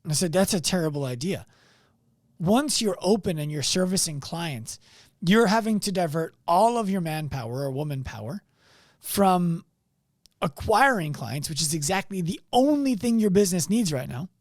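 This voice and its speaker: A man's voice: high-pitched, expressive, moderate pace, no echo, studio quality. A man hosting a podcast, easygoing and joking, asking long rambling questions. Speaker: podcast host. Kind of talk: casual podcast conversation.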